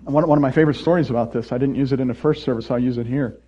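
Animated male pastor, dull recording. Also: mid-range voice, very fast. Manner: animated, playful, swings between loud mock voices and quiet earnest asides. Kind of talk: sermon.

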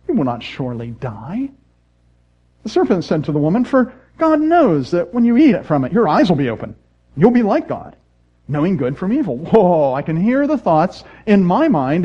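A man's voice: fairly high pitch, big pitch swings, normal speed, mellow, slightly rough, lo-fi sound. A man preaching a sermon, speaking earnestly and putting rhetorical questions to his congregation. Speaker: pastor.

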